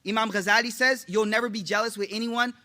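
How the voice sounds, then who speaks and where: Casting: man, high-pitched and very bright, relaxed preacher who mixes slang with Arabic quotes. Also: fast. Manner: informal, slangy and joking, quotes Arabic then paraphrases. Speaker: Islamic teacher. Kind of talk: casual religious talk.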